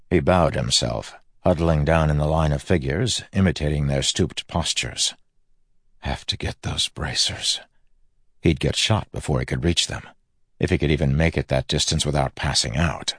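A man narrating a fantasy audiobook in a measured, grave manner. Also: extremely low pitch, breathy edge, no room sound, clean studio sound.

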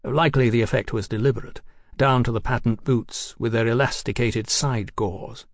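A man narrating a novel as an audiobook, measured and descriptive. His voice sits at a middling pitch. The recording is dry and close, with no room sound. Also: fairly even intonation, no echo.

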